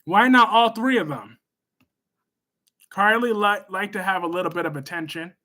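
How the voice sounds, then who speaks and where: Bright high-voiced man chatting on stream. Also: normal speed. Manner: chatty, animated, scolds chatters loudly then gushes warmly. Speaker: live stream host. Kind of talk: casual live stream chat, reading viewer comments.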